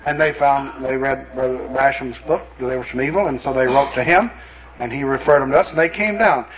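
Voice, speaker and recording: A man's voice: mid-range voice, fairly quick, dull audio. A man, a pastor, telling stories in a folksy, anecdotal sermon. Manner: folksy, anecdotal, lots of "you know". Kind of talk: sermon storytelling.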